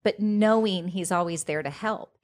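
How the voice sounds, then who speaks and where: A woman guest telling her personal faith story in an animated, conversational way. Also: lowish voice, normal speed.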